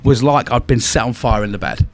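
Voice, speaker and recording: Young English guy, podcast co-host, animated and sweary storyteller, mid-pitched voice. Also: fairly quick, soft background music. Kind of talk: casual storytelling chat.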